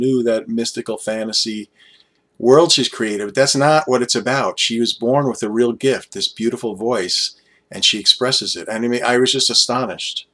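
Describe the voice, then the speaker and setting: A man's voice: on the low side, a bit bright. Chatty sixty-one-year-old man rambling. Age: 60s. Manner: chatty, self-deprecating, trailing off and restarting. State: tired after a late night. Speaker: YouTube vlogger. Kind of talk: casual rambling vlog.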